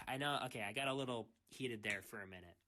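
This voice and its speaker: Bright-voiced young man ranting casually. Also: mid-range voice, brisk. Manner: rambling, repetitive "freaking", restarts. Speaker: streamer. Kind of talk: casual rant.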